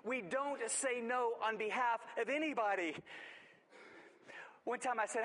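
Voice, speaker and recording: A man's voice: very high voice, measured pace, long pauses, a bit bright. A man preaching a sermon, urging his listeners with fervent, emphatic exhortation.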